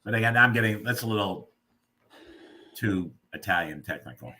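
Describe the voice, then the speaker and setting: A man's voice: lowish voice, animated, moderate pace, pushed and bright, slight background noise. A man hosting a casual live video chat who playfully explains food words like a teacher. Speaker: host. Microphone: video call.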